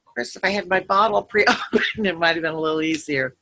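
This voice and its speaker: Bright, husky-voiced woman guiding a meditation. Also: lowish voice, fairly quick. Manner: meandering, gentle, soothing storytelling. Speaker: meditation guide. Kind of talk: guided visualization with casual asides.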